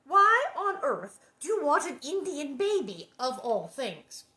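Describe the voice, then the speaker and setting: Prim pioneer mom done by a woman, scolding and proper, bright voice, echoey. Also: a little high, sing-song, normal speed, pitched above the performer's own voice. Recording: roomy echo.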